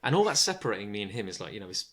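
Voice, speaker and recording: A man's voice: lowish voice, sing-song, racing, a bit bright. A man hosting a casual podcast, telling a story with lots of fillers and frequent laughs. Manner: rambling storyteller, laughs often, many fillers. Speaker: podcast host. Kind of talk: casual chat.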